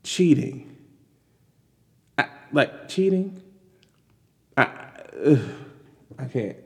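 A man giving casual, animated commentary on news, exasperated and full of restarts and fillers. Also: fairly high pitch, extremely slow. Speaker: commentary vlogger. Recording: long hall reverb.

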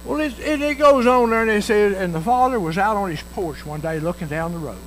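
A man's voice: high voice, brisk, slight background noise, low-quality recording. A male pastor preaching a sermon in a folksy way, acting out the voices of the parable as he tells it.

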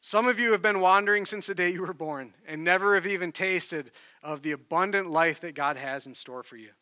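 A man, a pastor, preaching with an animated, earnest personal story in a conversational sermon. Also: high-pitched, a little fast, dry recording.

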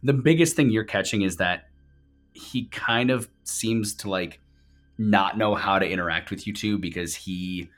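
A man's voice: on the low side, unhurried, a bit bright, faint music behind. A man narrating and explaining as the game master of a tabletop role-playing game. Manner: explanatory, with fillers and restarts.

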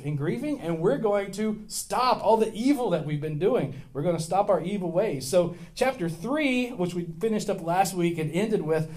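Preaching a sermon, a middle-aged male pastor with a slightly high, darkish voice takes a casual, storytelling approach. He pokes fun at himself, and his volume swings widely.

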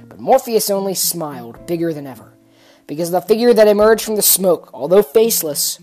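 A woman narrating a story in a calm, steady voice. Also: lowish voice.

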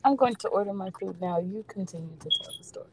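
A woman, the host's sister, talking excitably as a guest. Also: mid-range voice, fast talker, very noisy. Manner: excitable and exclamatory. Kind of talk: casual chat.

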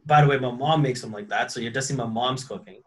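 A man's voice: medium pitch, fast. Chatty man guesting on a call. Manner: rambling, repeats himself, laughs easily. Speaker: podcast guest. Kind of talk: casual chat. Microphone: cheap headphones on a video call.

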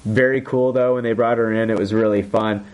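A man casually recapping a TV episode for his co-hosts, excited and swearing freely. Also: fairly low pitch, fairly quick. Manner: excited, swears a lot, acts out quotes. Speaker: podcast host recapping a TV episode. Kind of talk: casual chat.

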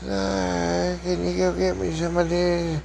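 A man's voice: high voice, flat delivery, slow, vocal fry, darkish tone, a little hiss or hum, pitched above the performer's own voice, exaggerated voice. A man putting on the voice of a woman insistently asking for help. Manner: insistent, repeating requests.

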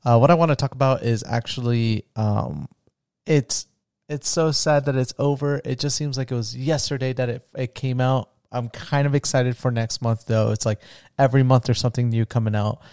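A man's voice: medium pitch, steady tone, normal speed, darkish tone, no room sound, clean studio sound. A man hosting a solo podcast, talking casually in a rambling, conversational way as he recaps a film series. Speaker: podcast host.

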